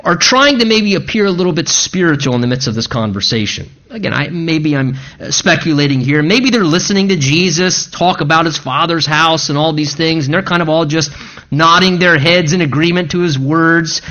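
A pastor preaching a sermon in an earnest, emphatic, conversational way. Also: male voice, fairly high pitch, brisk, bright, forceful tone. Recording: dull lo-fi sound.

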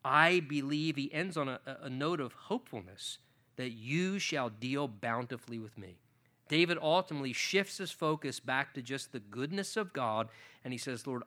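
A man's voice: a little high, sharp tone. A middle-aged male pastor preaching a sermon, acting out scripture with rising passion. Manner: impassioned, voicing scripture with rising intensity.

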